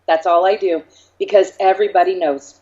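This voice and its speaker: A woman medium talking as an interview guest, telling stories in a lively way and acting out bits of dialogue. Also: on the low side, fairly quick. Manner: animated storyteller, acts out dialogue. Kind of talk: casual interview talk. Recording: slightly dull lo-fi sound.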